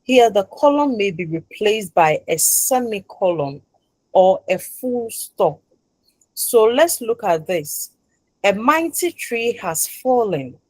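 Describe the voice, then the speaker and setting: Very animated but slow-paced, this female university lecturer has a mid-pitched, darkish voice recorded close and dry without room echo. She goes over points repeatedly in different words to make sure the class follows, pausing on "what?" so they can complete her sentences.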